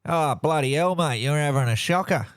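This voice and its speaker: A man's voice: on the high side, moderate pace, no room sound, studio quality, lightly acted. A man putting on an exaggerated Australian accent as a broad ocker bloke in a surf-wax advert. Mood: hammy. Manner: broad, hammy.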